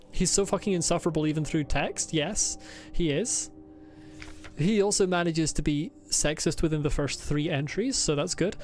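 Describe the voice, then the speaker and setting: A woman's voice: low-pitched, normal speed, darkish tone, faint music behind. A woman playing a game and talking as she goes, swearing, joking sarcastically and laughing. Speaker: gaming channel host. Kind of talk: casual game commentary.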